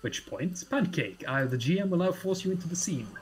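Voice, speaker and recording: A man's voice: fairly high pitch, expressive, fairly quick, faint music behind, poor audio. A man narrating as game master of a tabletop role-playing game, casual and full of fillers and restarts.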